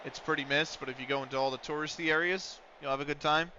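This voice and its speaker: Fairly high-pitched and steady, he talks quickly in a bright, forceful way while a bit of background noise lingers. The American streamer narrates a football management game play by play, wandering into casual banter, all captured as dull lo-fi audio.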